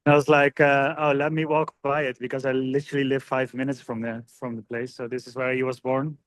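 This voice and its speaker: A man's voice: mid-range voice, level tone, a little fast, no echo. Man chatting on a dry video call. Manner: friendly, laughing, filler-heavy. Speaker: call participant. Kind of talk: casual video call chat.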